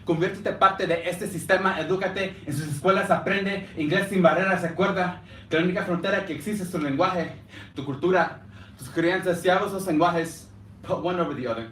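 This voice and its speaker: A man's voice: high voice, quick pace, a bit bright, slight background noise. A young man performing slam poetry live, moving between Spanish and English in a rhythmic spoken-word delivery. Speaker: slam poet. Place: cafe performance space, indoors. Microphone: room mic from a distance. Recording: echoey cafe room, distant mic.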